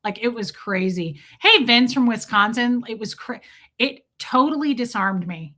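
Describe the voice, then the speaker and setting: A woman hosting a casual livestream, telling animated stories and greeting viewers by name. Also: a little high, measured pace. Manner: animated storytelling, reads out viewer names. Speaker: livestream host.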